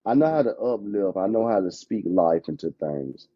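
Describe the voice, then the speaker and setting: A man, an insurance agent chatting casually as a podcast guest, lively and quick to laugh. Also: lowish voice, a crowd in the background. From Alabama, US. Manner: animated, talkative, laughs often. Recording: dull, dry lo-fi sound.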